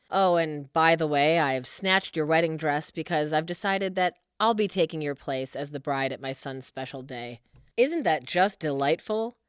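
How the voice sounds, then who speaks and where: Casting: woman as a smothering, scheming mom with a lowish voice, sing-song and possessive, dry close recording. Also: clear, resonant tone, no echo, close to an everyday voice. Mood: gloating. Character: overbearing scheming middle-aged mother. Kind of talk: animated story voice-over.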